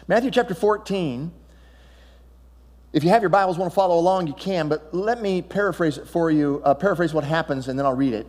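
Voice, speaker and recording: A man with a high voice preaches a sermon, acting out Bible dialogue and asking his listeners questions along the way. His words ring out with long reverb, as if he were standing in a church sanctuary. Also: fairly quick. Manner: animated preaching, acts out Bible dialogue, asks the crowd questions. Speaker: pastor.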